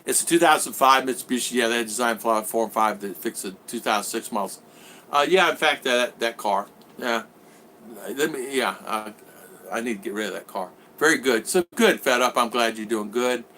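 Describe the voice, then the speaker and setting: A middle-aged man from the United States chats through a casual live stream, reading out viewer comments and wandering off with plenty of ums and uhs. His voice is bright and forward, and faint background noise sits under it. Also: medium pitch, moderate pace. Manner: rambling, reads viewer comments aloud, frequent fillers. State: recovering from a cold. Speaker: vlog host. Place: home in the Philippines.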